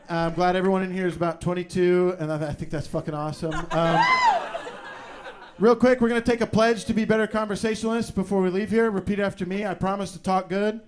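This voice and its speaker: A man hosting a live improv comedy show who rambles loudly, swears and laughs. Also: high voice. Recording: live room with audience noise.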